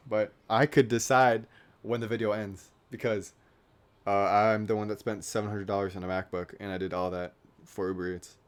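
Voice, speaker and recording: A man's voice: fairly low pitch, fairly even intonation, normal speed. A young man in his late teens vlogging casually, rambling and joking at his own expense. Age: young adult. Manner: rambling, self-deprecating, joking. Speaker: YouTuber.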